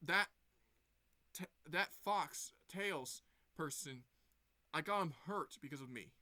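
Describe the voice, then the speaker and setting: A man voicing a young male hedgehog hero who doubts himself, speaking haltingly with restarts. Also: on the high side, animated, pushed and bright, no echo, exaggerated voice. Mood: earnest.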